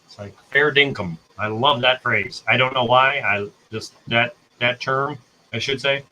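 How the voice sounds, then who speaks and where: Streamer type: American man, bright and forward tone, chatty and self-correcting. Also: medium pitch, steady tone, a little slow, rough recording. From United States. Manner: rambling, self-correcting, talks to chat. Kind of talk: casual chat on a live stream.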